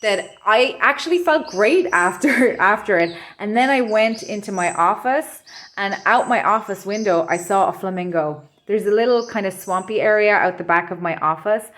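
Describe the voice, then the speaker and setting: A woman giving an intuitive tarot reading to camera from her home office, talking in a soft, meandering, reflective way. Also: mid-range voice, normal speed. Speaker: tarot reader.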